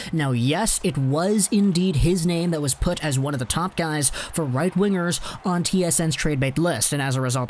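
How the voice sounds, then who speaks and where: A young man runs through his takes on his own in a chatty, opinionated way, now and then dry and sarcastic. His voice sits a little higher than most men's. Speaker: hockey video host. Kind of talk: solo commentary video.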